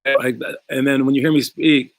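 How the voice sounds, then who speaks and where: A man coaching young basketball players, talking in a calm, conversational way and acting out the voices of people in his stories. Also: mid-range voice, moderate pace, no echo. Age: adult past college.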